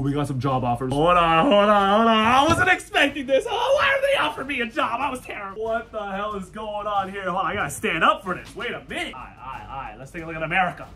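A young man runs hyped, slangy commentary over a football game, often breaking into shouts. His voice sits high and sounds bright and forceful. Faint game music plays behind him. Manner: hyped, jokey, shouts often, slangy with "you know what I'm saying". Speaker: gaming YouTuber. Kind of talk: energetic gameplay commentary.

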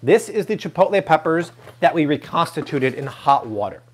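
A man's voice: fairly high pitch, normal speed, noisy background. A man hosting a live cooking stream from a kitchen, chatty and full of jokes. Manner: animated, jokey, chatty. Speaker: cooking show host.

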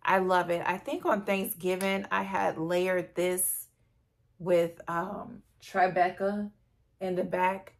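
A woman's voice: on the low side, fairly even intonation, takes it slowly, vocal fry. A woman beauty vlogger chatting casually and gushingly to her viewers in a perfume review. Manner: gushing, chatty, addresses viewers as "you guys".

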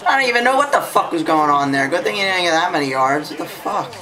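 A man giving profane let's-play commentary, reacting loudly to gameplay. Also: fairly high pitch, big pitch swings, fast, crowd noise. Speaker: gaming YouTuber. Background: music playing.

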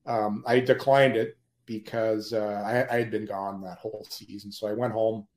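A man, a former pro hockey player, telling lively anecdotes as a podcast guest and often laughing mid-story. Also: on the low side, normal speed. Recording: roomy echo.

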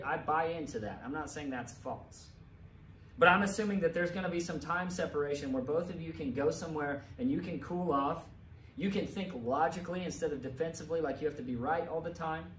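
A middle-aged man giving an earnest, emphatic talk with slides, repeating key phrases for weight. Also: on the high side. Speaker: presenter. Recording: roomy echo, mic at a distance, faint background hum.

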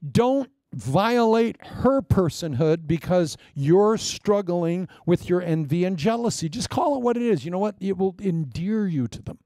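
Gravelly, joking man preaching. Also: high-pitched, moderate pace, few pauses, no room sound, studio quality. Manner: lively, joking, swings between loud proclamations and quiet asides. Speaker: pastor. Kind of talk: sermon.

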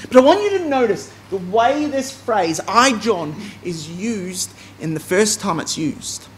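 A man leads a bible class in an emphatic, conversational way, breaking off into asides and restarting his sentences. His voice swings widely in pitch as he talks. Faint background noise sits under the recording. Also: expressive, measured pace. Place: meeting hall.

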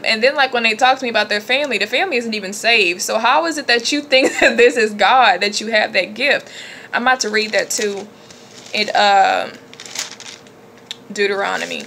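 A woman talks to her viewers in a loose, emphatic way, leaning hard on her points. Her tone is bright and forward. A faint hiss sits under the recording. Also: mid-range voice, moderate pace, creaky. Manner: animated, emphatic, chatty with laughs. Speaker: religious vlogger. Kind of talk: casual spiritual talk to camera.

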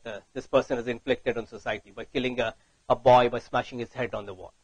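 A man's voice: mid-range voice, slightly rough, dry recording, poor audio. A man giving a conference talk, telling a story and often checking in with "right?". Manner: storytelling, frequent "right?" tag questions. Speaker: speaker.

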